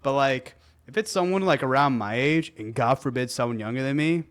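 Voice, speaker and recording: A young man co-hosting a podcast, talking casually, animated and often laughing, mimicking rude tones. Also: medium pitch, a little fast. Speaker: podcast co-host.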